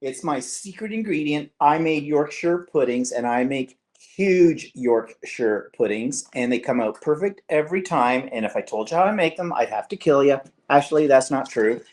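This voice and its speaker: A man's voice: medium pitch, animated, normal speed, few pauses, a little mellow. A middle-aged Canadian man hosting a live-stream vlog, chatting and teasing in a rambling way. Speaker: vlog host.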